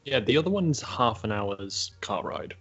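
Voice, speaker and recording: A man's voice: fairly low pitch, animated, measured pace, crowd noise. A man playing in a tabletop game, offhandedly correcting details. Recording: dull lo-fi audio.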